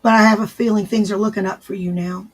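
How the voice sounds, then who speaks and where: Man, livestream host, high husky voice, gentle, repeats himself. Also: steady tone, fast talker. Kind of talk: casual livestream chat.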